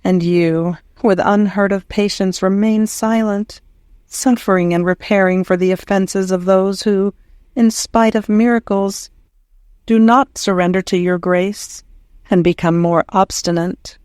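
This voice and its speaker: A woman reading a devotional text aloud in a prayerful, unhurried way. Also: medium pitch, steady tone, a little mellow, no echo, clean studio sound. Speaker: audiobook reader.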